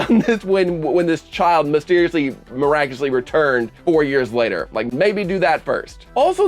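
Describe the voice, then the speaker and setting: A young man giving a casual, animated horror movie review with sarcastic asides. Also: mid-range voice. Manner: animated, sarcastic asides with mocking put-on quotes. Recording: faint background music.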